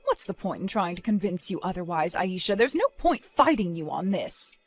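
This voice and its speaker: A woman voicing a calm but stern mother in her fifties who scolds her daughter in a reproachful tone. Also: fairly high pitch, normal speed, faint music behind. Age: 50s. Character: disappointed mother near retirement, stern.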